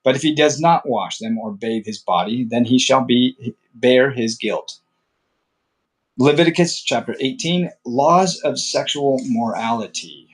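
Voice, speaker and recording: A man reads scripture aloud at a steady, even pace, his voice sitting at an ordinary middle pitch. He trips over a word now and then and starts the phrase again. Between passages he drops into loose, casual asides. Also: a little slow. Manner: steady reading with occasional slips and restarts. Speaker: Bible reader.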